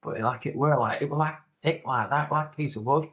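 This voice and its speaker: A man's voice: medium pitch, a little fast, a bit bright, highs cut off. A man, co-hosting a podcast in casual comedic chat, rambling through stories, swearing freely and slipping into silly voices. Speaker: podcast co-host.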